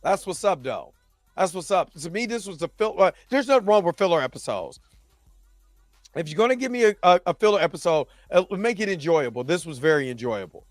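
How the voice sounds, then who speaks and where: High-voiced animated man recapping a show. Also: a little fast, dry recording, faint music behind. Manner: animated, acts out characters' lines in his own voice. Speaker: show host. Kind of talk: casual TV recap commentary.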